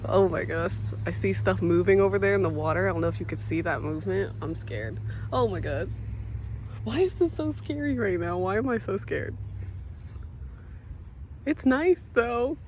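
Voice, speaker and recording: Filming on a handheld phone as she walks a nature trail, a woman vlogs straight to her viewers, nervously admitting she's scared. Her mid-range voice has lively intonation and a darkish tone at normal speed, with slight background noise.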